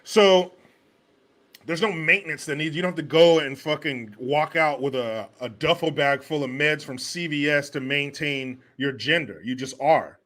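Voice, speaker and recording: A man's voice: fairly high pitch, normal speed, a bit bright. Profane joking man chatting on a livestream. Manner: profane, joking, reads chat aloud. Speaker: host. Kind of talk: casual livestream chat.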